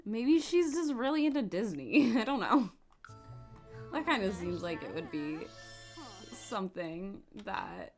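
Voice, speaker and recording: A young adult woman giving casual, bubbly commentary while playing a life-sim game, gushing with quick asides and giggles. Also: medium pitch, big pitch swings, a little mellow, faint music behind. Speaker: gaming YouTuber.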